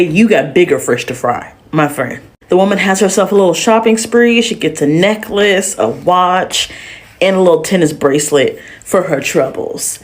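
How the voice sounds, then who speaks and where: A woman telling a workplace story in a casual storytime style, animated and slangy, acting out the people she quotes. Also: fairly low pitch.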